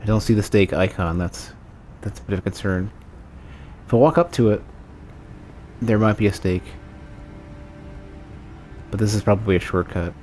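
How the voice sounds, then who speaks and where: A man with a fairly low voice streams a game, muttering reactions and reasoning aloud about stats. Faint music plays underneath his casual commentary. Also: moderate pace, pauses often, darkish tone.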